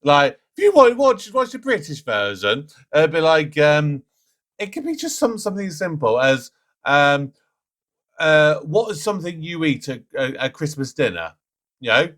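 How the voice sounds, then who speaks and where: This British reaction-video host has a voice on the high side, very animated, at a moderate pace. He chats casually, keeps restarting his sentences, and breaks into loud mock whooping as he comments.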